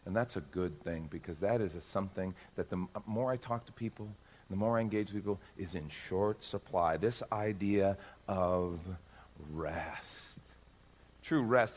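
A male pastor preaching a sermon, animated and acting out everyday voices as he goes. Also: deep voice, long reverb tail, a little hiss or hum.

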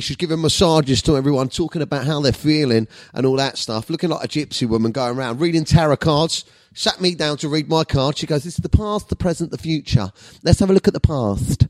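A man's voice: on the high side, no room sound, clean studio sound. A man, hosting his comedy podcast in a sweary, boisterous monologue.

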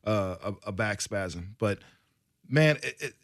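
A man co-hosting a sports radio show, talking in a relaxed, casual way. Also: lowish voice, slow, no echo, studio quality.

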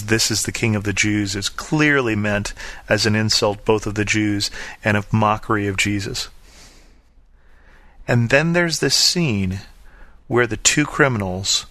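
Earnest man preaching with a bright, dry voice. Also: fairly low pitch, no room sound. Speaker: pastor. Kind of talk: sermon.

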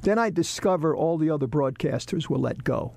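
A man telling lively stories about his broadcasting career in a casual interview, acting out the people he quotes. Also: on the high side, fairly quick, vocal fry. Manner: animated storyteller, acts out quoted bosses. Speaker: broadcaster guest.

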